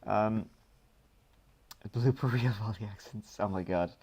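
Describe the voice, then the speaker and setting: A man's voice: on the low side, measured pace, darkish tone, slightly rough. A man with a Dublin Irish accent casually reading out viewer questions on a live stream and answering them with lots of ums and rambling asides. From Ireland. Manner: rambling, reads questions aloud then answers with many ums.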